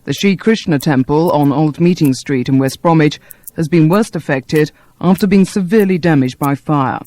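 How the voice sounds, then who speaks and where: A woman reading a radio news bulletin in a measured, formal way. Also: sits low, warm tone. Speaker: newsreader.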